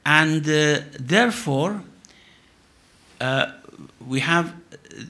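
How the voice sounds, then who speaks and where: A man, a sheikh, answering questions in a religious teaching session with measured, emphatic phrasing. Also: fairly high pitch, lively intonation, sharp tone.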